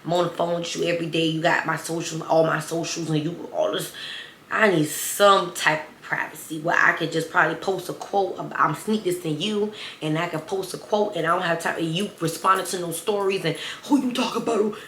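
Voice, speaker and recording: A woman's voice: deep voice, steady tone, fairly quick, bright, forceful tone. A young woman in a casual storytime vlog, talking emphatically to viewers. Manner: chatty, emphatic, addresses viewers as y'all. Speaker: storytime vlogger. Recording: roomy echo, faint ambient noise.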